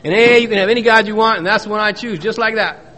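Sharing his recovery testimony with a meeting, a middle-aged man tells it folksily with jokes and repeats phrases to stress them. His slightly high voice has a sharp tone, and he speaks rapid-fire.

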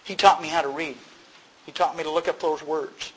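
Speaking a little fast, a middle-aged man offers his testimony to a recovery group in a relaxed, conversational tone pitched slightly above normal. He performs both halves of past conversations, his voice leaping upward, and laughs at himself. The poor audio has a faint hum of the room beneath it.

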